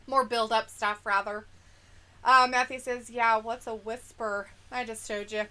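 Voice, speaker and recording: A woman hosts a relaxed livestream and chats with her viewers. She reads their comments aloud with a playful, giggly manner. Her voice sits a little high and rings bright and clear. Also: measured pace. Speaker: livestream host reading chat. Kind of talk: casual chat.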